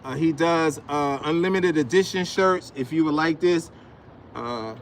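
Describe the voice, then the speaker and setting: A man talks casually and chattily to his viewers in a slightly higher voice, filming himself outdoors in a city lot. Faint street noise sits behind him. His delivery is loose and easygoing. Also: a little slow. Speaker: vlogger. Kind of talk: casual live vlog.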